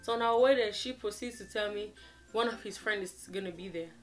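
A woman in her twenties chatting casually to camera as a vlogger, telling a story in an animated way and acting out what people said. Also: mid-range voice, fairly quick, soft background music. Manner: animated, chatty, acts out quoted dialogue.

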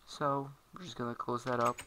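A man's voice: mid-range voice, steady tone, moderate pace, background noise. A man giving casual let's-play commentary, rambling and correcting himself as he plays at a computer. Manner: rambling, self-correcting, talks while playing. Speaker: gameplay commentator.

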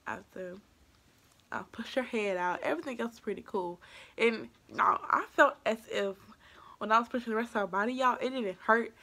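Animated young woman telling a storytime. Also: on the high side. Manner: animated storytelling with quoted asides; drops to hushed whispers at times. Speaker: vlogger. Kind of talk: casual storytime.

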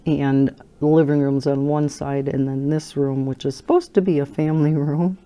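A woman's voice: low voice, fairly even intonation, normal speed, dark tone. An older woman hosting a coloring channel, rambling through casual chat with frequent laughter while holding a baby. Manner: chatty and rambling, laughs often.

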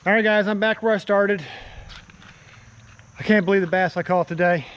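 A young man filming a casual fishing vlog outdoors by a creek, excitable and often calling out to his viewers as guys. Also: high-pitched, normal speed, a little hiss or hum. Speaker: fishing vlogger.

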